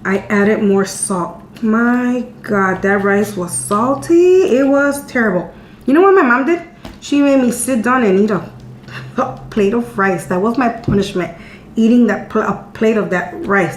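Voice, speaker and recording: A woman in her thirties, a vlogger answering viewer questions, tells a personal story in a chatty, candid way and repeats words as she goes. Her voice is medium-pitched and a little slow, recorded in an echoey room with a faint hum.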